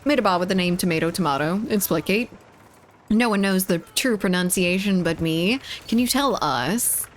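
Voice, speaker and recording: A woman's voice: lowish voice, a little hiss or hum. Playful woman streamer chatting while gaming. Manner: playful, chatty, reads chat aloud, quick laughs. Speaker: game streamer. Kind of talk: casual live-stream chat while gaming.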